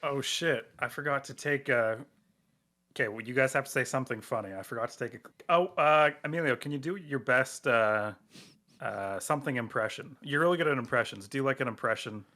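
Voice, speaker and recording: A man chiming in on a casual podcast, excitable and calling people dude. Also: medium pitch, fairly quick. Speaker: podcast participant.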